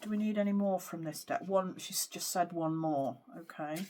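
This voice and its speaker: Woman, psychic reader, card reading to camera, somewhat low voice, earnest, hesitant. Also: moderate pace, darkish tone, a little hiss or hum. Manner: earnest, hesitant, with frequent fillers. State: emotional at times. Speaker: psychic medium.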